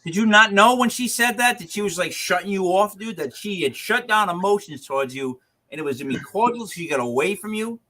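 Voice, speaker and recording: A man's voice: sits high, expressive, fairly quick, hardly any pauses, pushed and bright, a little hiss or hum. A man hosting a podcast who teases his guest with wisecracks in casual chat. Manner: wisecracking, teasing. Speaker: podcast host.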